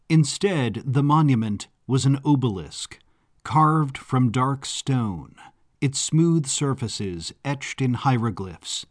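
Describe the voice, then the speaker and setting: Slow, measured male audiobook narrator. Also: mid-range voice. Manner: measured and descriptive. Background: faint background music.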